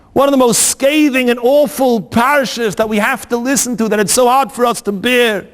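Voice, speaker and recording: A man's voice: extremely high pitch, fairly bright tone. A male rabbi telling a story in a sermon, dramatic and full of rhetorical questions. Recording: long hall reverb.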